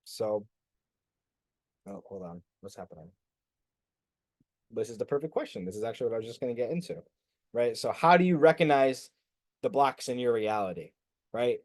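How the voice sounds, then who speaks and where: A man's voice: mid-range voice, moderate pace, pauses often. A man leading a group coaching class as a spiritual coach, talking casually, swearing freely and acting out his students' inner voices. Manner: animated, rhetorical "right?" checks.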